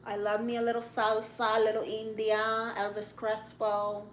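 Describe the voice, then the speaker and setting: A woman's voice: a little high, completely flat delivery, normal speed, a little hiss or hum. A woman hosting a casual live stream, reading viewer comments aloud and answering with blunt, sassy comebacks. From Puerto Rican and Guatemalan family.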